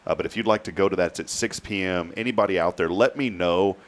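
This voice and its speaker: A man's voice: low voice, fast. A man hosting a morning show in a casual, easygoing way, laughing often and using plenty of fillers. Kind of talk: casual chat.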